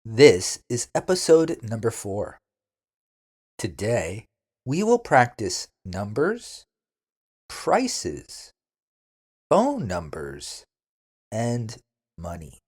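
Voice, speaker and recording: Very slow, husky male English teacher. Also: fairly low pitch, huge pitch swings, darkish tone. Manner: encouraging, repeats drills for learners. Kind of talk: slow scripted beginner lesson.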